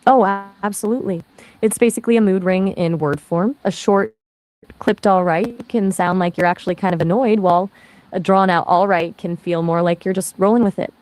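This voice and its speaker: A woman's voice: mid-range voice, brisk, a little mellow, no room sound. A synthetic woman's voice answering questions as a conversation partner, in a breezy, chatty explaining manner.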